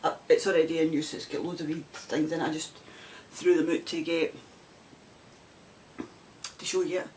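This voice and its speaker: A woman's voice: deep voice, flat delivery, normal speed, darkish tone, a little hiss or hum. A woman with a broad Glasgow Scottish accent hosting a knitting podcast, chatting casually to camera with frequent laughs and rambling asides. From Scotland.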